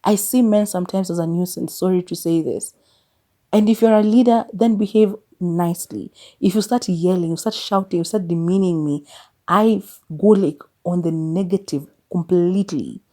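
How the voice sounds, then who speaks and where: On her podcast, a Kenyan woman in her thirties talks confessionally about her own life in a warm, lowish voice at a moderate pace. Swahili phrases slip into her English, and at times she lands on points with exasperated emphasis.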